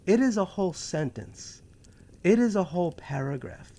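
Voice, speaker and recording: Host type: gravelly New York man with a slightly high voice, riffing sarcastically and wandering off topic. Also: normal speed. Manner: animated, digressive, sarcastic asides. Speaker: podcast host. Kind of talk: casual monologue.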